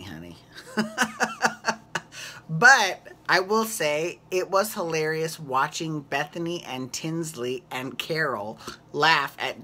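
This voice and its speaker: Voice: mid-range voice, sharp tone, a little hiss or hum. A host recapping a reality show in a casual, gossipy vlog, chatting and laughing along. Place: home at night.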